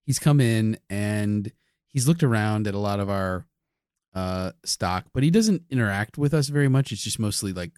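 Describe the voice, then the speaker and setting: A man's voice: lowish voice, lively intonation, moderate pace, a little mellow, smooth, no echo, clean studio sound. A man improvising a comedy bit, playfully building on his partner's jokes. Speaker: comedy podcast co-host.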